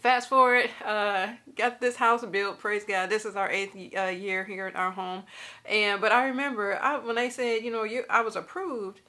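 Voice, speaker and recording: Bright-voiced woman sharing lively testimony. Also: mid-range voice, a little fast. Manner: lively storytelling, talks straight to viewers; laughs through her stories. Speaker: faith and finance vlogger. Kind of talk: casual personal testimony.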